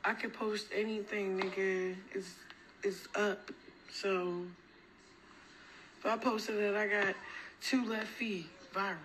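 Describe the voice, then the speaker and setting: A woman's voice: mid-range voice, fairly even intonation, slow pace, long pauses, background noise. A woman on a livestream defiantly swearing at and taunting her viewers.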